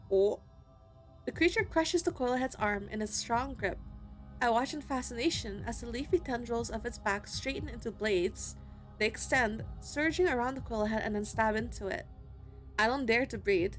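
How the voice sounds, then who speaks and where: A woman streamer reading a dating-sim story aloud in an expressive, giggly way, breaking into excited squeals between lines. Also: on the high side, moderate pace, soft background music. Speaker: gaming streamer. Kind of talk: reading a visual novel aloud.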